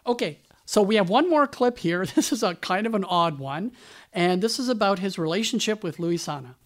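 A man's voice: high voice, expressive, normal speed. A man hosting a radio show, telling a backstage story in a chatty way with conversational asides. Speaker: radio host.

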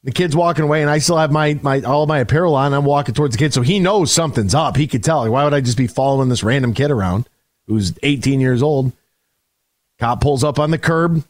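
A man hosts a sports talk show, launching into an emphatic, opinionated rant. His voice sits on the higher side for a man. He leaps up for punchy lines and drops low to grumble, all recorded dry and close in a studio. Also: lively intonation, a little fast, no room sound. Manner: emphatic, ranting, swings between shouted punchlines and low grumbles. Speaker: sports radio host. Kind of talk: opinionated radio monologue.

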